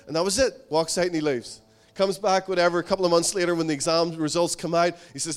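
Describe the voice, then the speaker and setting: A man's voice: fairly high pitch, steady tone, fast talker. A male pastor preaching a sermon in an earnest, conversational way, telling a story and repeating his points. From outside America.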